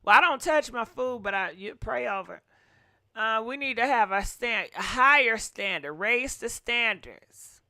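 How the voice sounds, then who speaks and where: Woman host, folksy chatty manner, bright voice, dry close sound. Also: on the high side, animated, measured pace, dry recording. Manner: chatty, folksy, sighing and humming asides. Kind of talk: casual chat to viewers.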